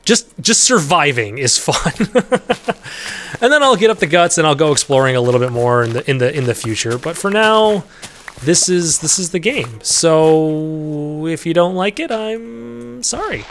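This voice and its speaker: A man's voice: fairly high pitch, expressive, normal speed, a little hiss or hum. A man hosting a let's play in casual gameplay commentary, rambling along and chatting to the creatures in the game, with easy laughs and sudden yelps. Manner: laughs easily, bursts into loud yelps.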